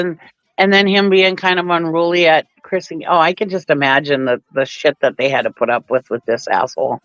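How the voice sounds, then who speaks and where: A woman's voice: sits low, steady tone, fairly quick, a bit bright, dry recording. A woman from Minnesota with a Minnesota accent, chatting casually on a livestream panel and giggling often. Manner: giggly, apologetic. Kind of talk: casual chat. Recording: dry, dull lo-fi audio.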